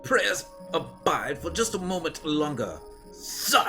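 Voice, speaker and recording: A man voicing an earnest, excitable male officer, speaking in a raised, indignant tone. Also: fairly high pitch, slow, over music, voice pushed up, heavily acted.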